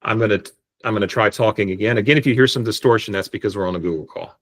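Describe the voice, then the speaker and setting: A man explaining step by step how to set up an AI voice agent, speaking on a video call in a relaxed, explanatory way. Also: on the low side, rapid-fire. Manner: relaxed, explanatory, frequent restarts. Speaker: tutorial presenter. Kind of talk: screen-share software tutorial.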